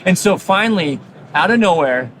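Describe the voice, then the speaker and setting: A middle-aged man with a slightly raised pitch tells anecdotes with lively energy. He fills his speech with casual asides. A noisy convention floor hums behind him. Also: moderate pace. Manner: energetic, anecdotal, frequent fillers. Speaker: orthodontist guest. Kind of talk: animated storytelling in conversation. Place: busy exhibit hall floor.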